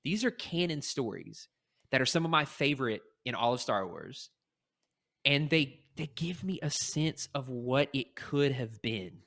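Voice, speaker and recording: A man's voice: medium pitch, a little slow, gravelly. A man in his late twenties from North Carolina, co-hosting a podcast in casual chat and getting heated as he rants. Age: 20s. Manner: excitable, ranting, voice jumps when heated. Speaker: podcast co-host.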